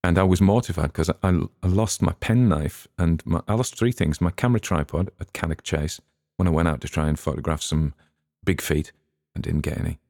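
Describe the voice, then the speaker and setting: A man's voice: low voice, a little fast, gravelly, a little mellow, dry recording, studio quality. A man, hosting a podcast and chatting in a rambling, musing way with plenty of restarts. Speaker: podcast host. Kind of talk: casual rambling commentary.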